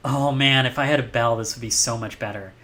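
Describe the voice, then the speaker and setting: A man streaming a video game live, chatting in a playful, excitable way with many fillers. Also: mid-range voice, brisk.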